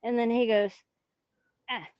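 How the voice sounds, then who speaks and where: A woman speaks slowly in a smooth, clear voice, pitched a little high, rambling and giggling as she chats on a stream and keeps turning to scold her cat. Her headset sound is dry and somewhat dull. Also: dry recording. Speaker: guest streamer. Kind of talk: casual chat.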